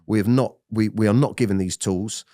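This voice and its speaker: A man's voice: fairly low pitch, brisk, warm tone, dry recording, studio quality. A man hosting a candid podcast conversation, blunt and sweary, often repeating himself. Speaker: podcast host.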